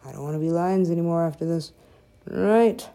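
A woman's voice: on the low side, normal speed, mellow. A woman giving casual gameplay commentary, rambling and joking with frequent swearing. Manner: profane, rambling, joking asides.

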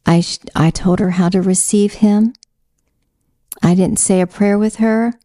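A woman's voice: medium pitch, fairly even intonation, measured pace, warm tone, no echo, clean studio sound. A middle-aged woman earnestly telling a Christian testimony and urging listeners on, repeating phrases for emphasis. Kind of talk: slow heartfelt testimony and exhortation.

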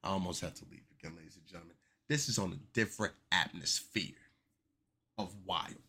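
A young man hosting a casual commentary podcast, animated and joking with exaggerated reactions. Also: low-pitched, fairly quick, husky. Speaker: podcast host.

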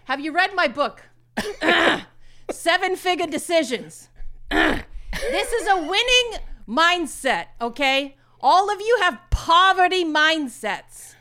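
In an extremely high, exaggerated voice with a sharp tone and big pitch swings, a woman slowly impersonates a brash male poker-show host for comedy. Her rambling version of him circles repetitively and never reaches the point, while he curses, coughs, clears his throat and promotes himself.

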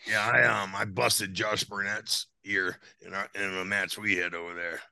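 A man's voice: lowish voice, level tone, normal speed, gravelly, bright, forceful tone, clean tone. A man co-hosting a casual chat, asking short questions and dropping in brief remarks. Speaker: co-host.

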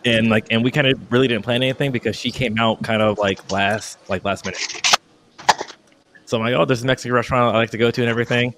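A man's voice: mid-range voice, steady tone, very noisy. A man in his thirties in casual podcast chat, telling a long story with lots of fillers and restarts, acting out his own past lines with heat. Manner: rambling, halting, full of fillers and restarts.

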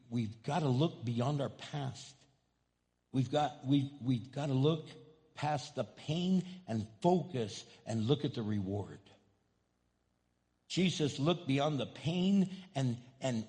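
A man in his fifties preaching a sermon as pastor. His delivery is impassioned, and his voice rises to loud, high cries. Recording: long hall reverb.

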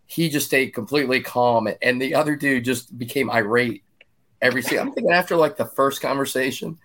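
Man, 50s, podcast host, easygoing chatter with restarts, mid pitch. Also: fairly bright tone, a little hiss or hum. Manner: conversational, restarts and quick asides. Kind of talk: casual podcast chat.

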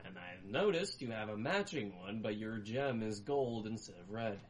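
Calm man playing a tabletop game. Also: fairly low pitch, moderate pace, slight background noise. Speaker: player. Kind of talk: casual tabletop play.

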